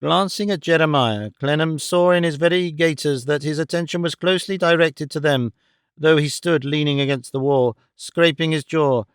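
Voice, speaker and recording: Smooth-voiced male audiobook narrator. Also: fairly high pitch, normal speed, no room sound, clean studio sound. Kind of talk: scripted narration of a classic novel.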